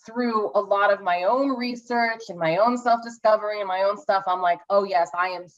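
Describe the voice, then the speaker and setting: A woman co-hosts a casual podcast chat reviewing films, gushing and rambling with many restarts and acted-out asides. Her voice is mid-range at normal speed, and the recording is muffled.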